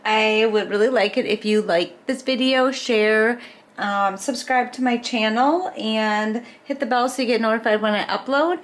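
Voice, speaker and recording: A woman's voice: fairly high pitch, normal speed. A woman hosting a casual craft video, narrating each step as she works, chatty with small laughs. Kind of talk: casual craft tutorial voice-over.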